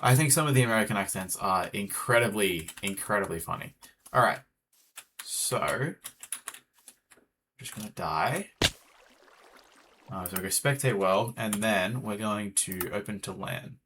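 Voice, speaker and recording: A man's voice: lowish voice, measured pace, pauses often, a bit bright, a little hiss or hum. An Australian man chatting casually with viewers while streaming a game, rambling as he talks. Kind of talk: casual live gameplay chat.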